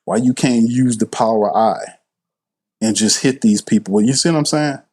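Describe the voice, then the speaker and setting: A man's voice: medium pitch, normal speed, a little mellow, breathy edge. A man, hosting a live sports stream, blunt and passionate, swearing freely and repeating himself for emphasis. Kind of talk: heated live sports commentary.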